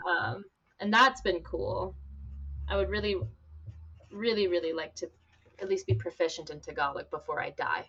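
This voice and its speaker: A woman's voice: lowish voice, normal speed, pauses often, bright, forceful tone, slightly rough. A woman chats on a live stream in an easygoing way and throws questions out to the viewers. Her audio comes through dull and slightly muffled. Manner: chatty, asks chat questions. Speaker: voice actor signing on stream. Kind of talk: casual stream chat.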